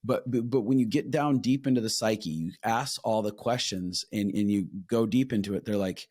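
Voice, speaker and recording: A low-voiced man speaks as a marriage counselor, explaining his points earnestly in a casual podcast conversation and now and then acting out what his clients say. His voice sounds dry and close, with no room echo. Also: normal speed, few pauses, a little mellow.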